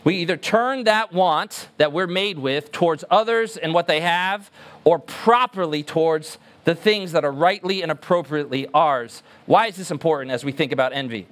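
High-voiced emphatic male preacher. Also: moderate pace, fairly bright tone. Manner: emphatic, repeats words for stress. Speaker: pastor. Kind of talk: sermon.

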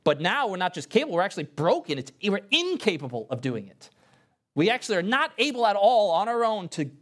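A man's voice: big pitch swings, a little fast. Earnest male pastor preaching emphatically. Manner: earnest, emphatic preaching with sudden rises in pitch and pace; addresses the congregation directly and conversationally. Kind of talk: sermon.

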